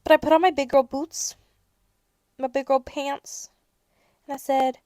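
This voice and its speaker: A woman's voice: sits high, little pitch movement, measured pace, long pauses, darkish tone, no room sound. A young adult woman hosting a podcast, telling a story in a casual chat with sarcastic rants and acted-out bits of dialogue. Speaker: podcast host.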